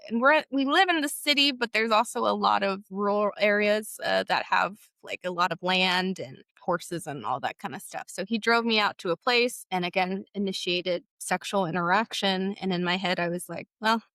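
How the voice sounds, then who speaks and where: A woman's voice: mid-range voice, normal speed, hardly any pauses, sharp tone, no echo. A young woman from Texas talks through a personal story as an interview guest, her mid-range voice recorded dry and close. She speaks casually and fills her sentences with "like". She slips into quoting the people she remembers as she goes. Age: young adult. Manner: casual, heavy use of "like", acts out past dialogue.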